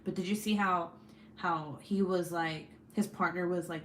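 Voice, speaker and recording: Woman in her 40s doing a chatty livestream, low-ish voice, swears a lot, echoey room. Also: fairly even intonation, normal speed, a little hiss or hum. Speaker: livestream host. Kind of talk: casual livestream chat, reading viewer comments.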